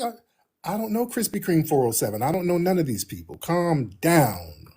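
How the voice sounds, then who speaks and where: A man's voice: sits high, sing-song, a little fast, darkish tone, husky. A man hosting a livestream in casual chat, telling stories in a slangy, laid-back way. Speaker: livestream host.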